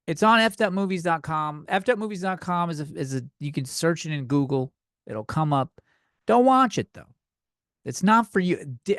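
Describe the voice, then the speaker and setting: A man's voice: on the high side, no echo, clean studio sound. Loose, swearing young man ranting. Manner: profane, loose and slightly tipsy. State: out of breath. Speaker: podcast host. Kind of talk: rambling comedic rant.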